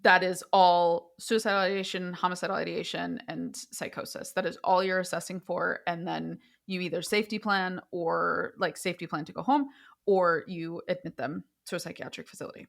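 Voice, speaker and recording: A woman's voice: on the low side, normal speed, gravelly. Woman therapist telling a story on a podcast. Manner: storytelling, animated when quoting. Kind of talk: casual podcast chat.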